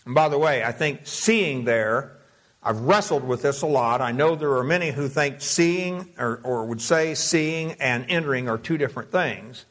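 A man preaching a verse-by-verse sermon, reading scripture aloud and slowing down to dwell on key words. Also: mid-range voice, a bit bright. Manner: measured teaching, slows to dwell on key words; reads scripture aloud in King James wording. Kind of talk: expository sermon.

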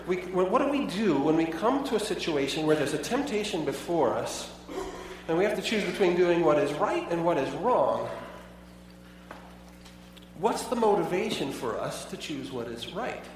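Guy preaching in a big echoey church, kinda high voice, mic far off, lots of ups and downs. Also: sing-song, normal speed, a little hiss or hum. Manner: conversational preaching with rhetorical questions. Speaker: pastor. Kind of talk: sermon.

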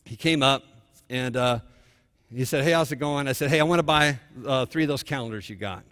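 A man's voice: mid-range voice, a little fast. Fervent male pastor preaching in a hall. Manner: storytelling, shifts from hushed to fervent. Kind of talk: sermon.

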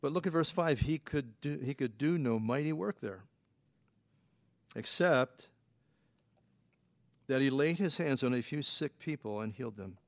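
A male pastor delivering a relaxed, conversational sermon at a mid pitch. He speaks in a folksy way, filling his talk with rhetorical questions and chuckling between points. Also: a little slow, gravelly, pauses often. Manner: folksy, rhetorical questions, frequent "you know" fillers.

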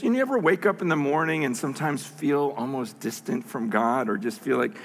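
An older man, a grandfather, preaching a sermon as a pastor, telling stories and building to emphatic shouts. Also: a little high, fairly quick, hardly any pauses. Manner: storytelling, animated, bursts into emphatic shouts.

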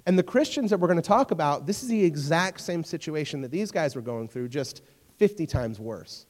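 A young man giving a sermon as a youth pastor, telling stories in a joking, animated way and talking straight to his audience. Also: a little high, brisk. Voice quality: storytelling, jokey and animated, talks to crowd. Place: church hall. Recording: long hall reverb.

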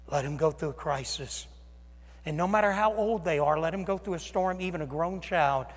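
A male pastor preaching a sermon, with dramatic swings from loud exclamations to hushed near-whispers. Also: sits high. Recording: long reverb of a large hall.

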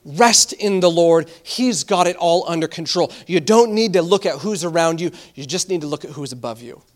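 A man preaching a sermon, animated, reading scripture aloud slowly and often repeating himself. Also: a little high. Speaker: pastor.

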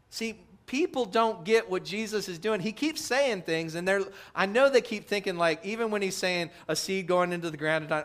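A middle-aged man preaching a sermon as a pastor, animated, acting out quotes with big swings in pitch and loudness. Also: normal speed, hardly any pauses.

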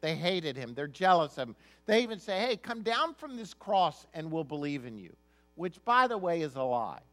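A man's voice: on the high side, very animated, normal speed, fairly bright tone. A male pastor preaching a sermon, reading scripture aloud and then explaining it in an emphatic, conversational way.

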